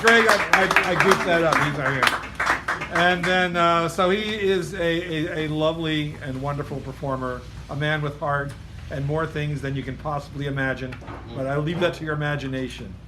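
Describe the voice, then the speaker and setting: A man's voice: fairly high pitch, steady tone, normal speed. A man hosting a cafe open mic, introducing the next performer in upbeat, offhand emcee patter. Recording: loud noise and clicks.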